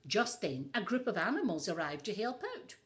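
A woman's voice: mid-range voice, animated, normal speed. A woman reading a picture book aloud to children, adding asides for young listeners. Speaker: storyteller.

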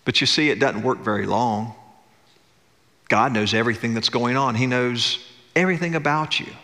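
A man's voice: medium pitch, normal speed, sharp tone, in a large hall. A male senior minister preaching a sermon, telling a scripture story, acting out its quotes and calling for amens. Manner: storytelling preacher, acts out quotes, calls for "amen". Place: church sanctuary.

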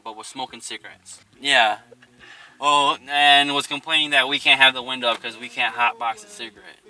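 Bright-voiced young man telling stories. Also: medium pitch. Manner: animated, profane, laughs often. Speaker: storyteller. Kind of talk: casual storytelling chat. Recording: distant mic.

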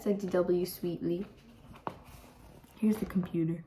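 A woman's voice: mid-range voice, moderate pace, a little hiss or hum, rough recording. A teenage girl reading a picture book aloud to young listeners, giving the characters voices and adding chatty asides. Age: teens. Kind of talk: read-aloud storytime with asides.

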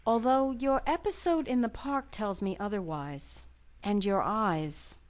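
A woman voicing a friendly, nosy female neighbor in a video game, chatty and gently prying. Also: mid-range voice, unhurried, natural voice. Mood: caring. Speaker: game character voice.

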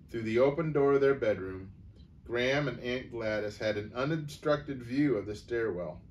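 A man reading a humorous story aloud in an unhurried, wry way, with the odd small stumble. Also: medium pitch. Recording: voice from far off the mic, faint noise.

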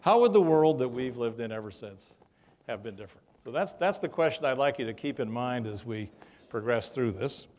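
An older man lecturing on history to a live audience, his voice sitting in an ordinary middle register. He tells his stories with a dry, wry humor and an unhurried, conversational delivery full of little fillers. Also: medium pitch, animated, darkish tone. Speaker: history professor giving a lecture. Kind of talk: public lecture with anecdotes.

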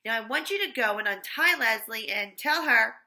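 A woman's voice: a little high, expressive, normal speed, pushed and bright, heavily acted. A woman reading aloud as a firm, kind grown-up man on a school playground who scolds a boy sternly.

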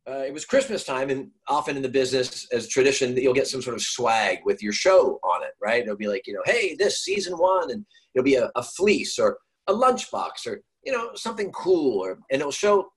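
A man's voice: mid-range voice, husky, rough recording. A middle-aged man, a guest actor, telling stories on a video call and acting out the people in them. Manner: animated, acts out quoted voices. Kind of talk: storytelling in a video-call interview.

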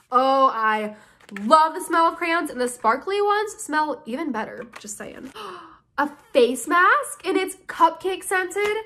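In a casual vlog, a YouTuber from the United States in her early twenties gushes bubbly over fan mail as she opens it and reads it aloud. She speaks in a high, slightly bright voice.

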